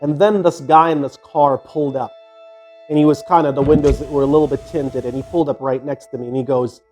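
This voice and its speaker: A man's voice: medium pitch, steady tone, fairly quick, a little mellow, faint music behind. An older man telling a personal story casually, rambling and swearing freely, with many fillers and restarts. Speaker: fitness vlogger.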